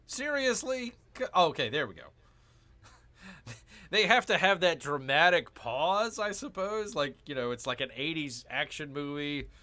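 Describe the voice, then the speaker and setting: A man's voice: fairly high pitch, expressive, unhurried, sharp tone. A man hosting a gaming channel, casually talking himself through a strategy game, cheering and groaning at each move.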